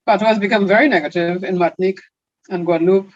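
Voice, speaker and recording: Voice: mid-range voice, fast, dry recording, lo-fi sound. A speaker from Trinidad and Tobago, talking animatedly in an interview. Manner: animated, mimics others in quoted asides. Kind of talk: interview talk.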